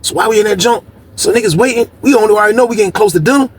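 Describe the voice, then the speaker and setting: A man telling a story from prison life in a casual, animated way, acting out what people said with sudden jumps in voice. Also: very fast, husky. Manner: animated, acts out quotes with big pitch jumps.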